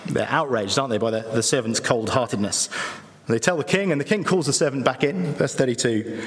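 Earnest preacher man in an echoey hall. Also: lowish voice. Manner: earnest, uses rhetorical tag questions, pauses between phrases. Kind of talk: sermon. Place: church.

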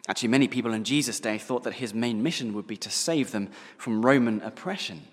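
Emphatic preacher in a reverberant hall. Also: male voice, medium pitch. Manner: emphatic, slowing down to stress key words. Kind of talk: sermon.

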